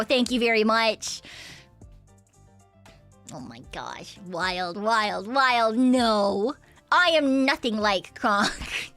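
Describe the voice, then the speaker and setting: A woman's voice: a little high, expressive, drawn-out words, long pauses, a bit bright, soft background music. A woman streamer chatting casually during a game stream, playful and giggly, with lots of little mm-hmms and repeated yeses.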